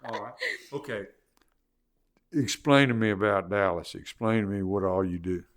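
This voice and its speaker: A middle-aged man hosting a radio interview, folksy and relaxed with a lot of laughing. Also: fairly low pitch, normal speed. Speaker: radio show host. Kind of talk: casual interview.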